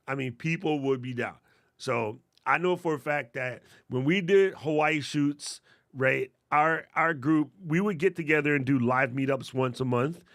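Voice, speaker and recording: A man hosting a live question-and-answer stream, giving casual, energetic advice in slangy talk and calling viewers family. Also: mid-range voice, creaky, no room sound, studio quality. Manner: energetic, slangy, addresses chat as fam and family. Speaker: host answering creator questions.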